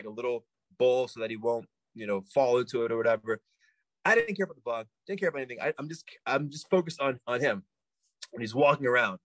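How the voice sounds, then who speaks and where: Animated man telling a story, dry mic. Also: on the high side, no room sound, low-quality recording. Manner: animated, repeats himself, many fillers and restarts. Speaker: podcast guest. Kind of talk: casual storytelling in a podcast interview.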